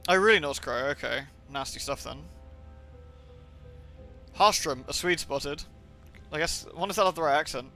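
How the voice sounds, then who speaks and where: A man's voice: on the high side, normal speed, pauses often, bright, forceful tone, soft background music. A young man from England rambling and swearing on a livestream, with lots of filler words. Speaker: streamer. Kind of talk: livestream gaming chat.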